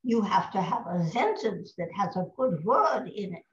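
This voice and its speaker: Older actress playing bossy German coach man, loud and firm, roomy dull sound. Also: mid-range voice, expressive, moderate pace, close to an everyday voice. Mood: commanding. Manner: firm, instructing. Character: male German dialect coach, bossy and sure. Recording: roomy, slightly dull recording.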